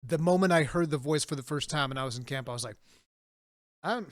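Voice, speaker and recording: Man hosting a gaming podcast, fairly high voice, animated storyteller, dry close mic. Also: a little fast, no room sound. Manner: animated storyteller, laughs often. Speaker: podcast host. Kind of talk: casual gaming chat.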